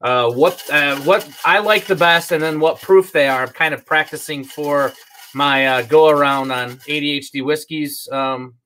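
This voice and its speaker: A middle-aged man hosts a casual live stream and jokes with his co-host. His voice is forceful and bright. He keeps things loose and reads out viewer comments as he goes. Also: on the high side, normal speed, a little hiss or hum.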